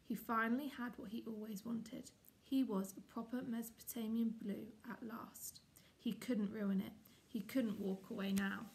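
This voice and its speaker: A woman, a teacher, reading a children's chapter book aloud in a steady, expressive way. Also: fairly high pitch, a little slow, creaky. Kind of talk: storybook read-aloud.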